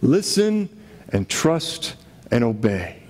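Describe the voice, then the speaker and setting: A man's voice: mid-range voice, very animated, slow, darkish tone. A man preaching a sermon to his congregation in a conversational way, often asking rhetorical questions. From Connecticut. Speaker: pastor.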